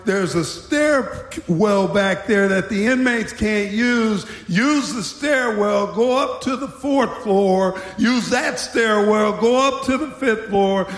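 A man's voice: sits high, voice pushed up. A man voicing a sarcastic, condescending veteran male prison guard who bosses around a rookie. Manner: sarcastic, bossy. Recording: echoey hall.

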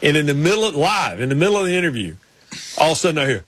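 Husky-voiced man on a sports talk show. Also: a little high, sing-song, fairly bright tone, no room sound. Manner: rambling, with quick restarts and folksy impressions. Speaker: radio sports show co-host. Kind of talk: casual storytelling chat.

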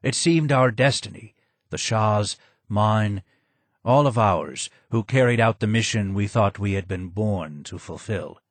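A man reading the part of a broken, disfigured older man, a former advisor, speaking low and hoarse in a slow, grave way. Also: dry recording. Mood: somber. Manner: slow, grave, bitterly wry.

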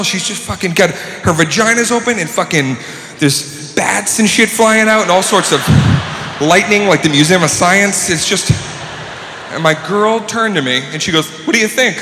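A man doing a crude, excitable stand-up routine on a comedy club stage. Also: sits high. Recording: echoey club with crowd noise.

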